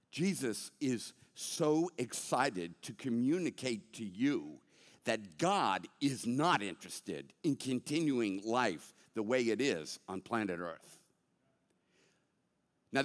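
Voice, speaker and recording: Animated male preacher in a reverberant hall. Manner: emphatic, swinging between bursts and slow, low asides. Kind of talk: sermon.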